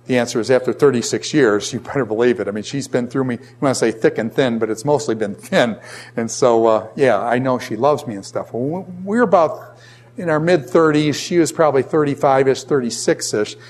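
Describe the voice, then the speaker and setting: A man's voice: medium pitch, a little fast. A man in his fifties teaching a class in a conversational lecture, repeating his points and acting out quoted voices.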